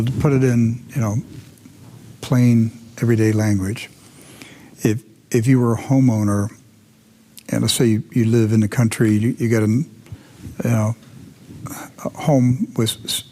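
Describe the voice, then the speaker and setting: A man's voice: mid-range voice, dark tone. A man hosting a commentary show, telling a dramatic story with emphatic repetition and sudden drops into intense whispers.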